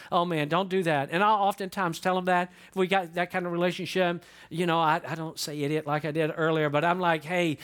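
High-voiced guy pastor preaching, emphatic, repeats his main points, sometimes a bit off mic. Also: a bit bright. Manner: emphatic, repeats key lines for the congregation. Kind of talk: sermon.

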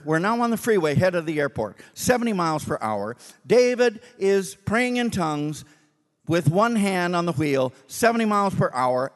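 Animated male preacher in a reverberant hall. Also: on the high side. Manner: animated storyteller, acting out dialogue. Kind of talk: storytelling sermon.

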